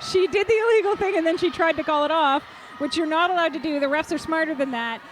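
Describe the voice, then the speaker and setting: Female derby commentator, playful and chatty, high voice, faint outdoor noise. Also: fast, rough recording. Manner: chatty and jokey, laughing at her own puns. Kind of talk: live sports commentary.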